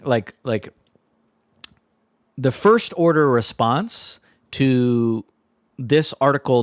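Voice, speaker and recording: A man's voice: mid-range voice, no echo. A man co-hosts a casual podcast chat, musing aloud in a thoughtful, rambling way. He fills his sentences with "like" as he works his ideas out. The sound is dry and close. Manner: thoughtful, rambling, many "like" fillers. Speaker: podcast co-host.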